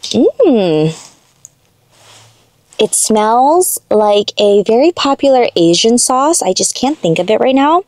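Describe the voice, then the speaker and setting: A woman hosting a casual mukbang from her car, chatty and excitable, with rambling asides. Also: on the high side, slow pace, dry recording. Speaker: mukbang host. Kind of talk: casual eating-show chat.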